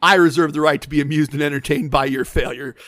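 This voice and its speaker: A man voicing a friendly male casino pit boss who speaks in a lower, amused tone. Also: steady tone, quick pace, fairly bright tone, no echo, clean studio sound, close to an everyday voice.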